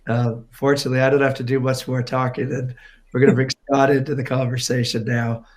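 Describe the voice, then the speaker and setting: A hoarse man moderates a panel, his voice strained. He speaks in a flat, even tone, halting often with fillers and restarts. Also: mid-range voice.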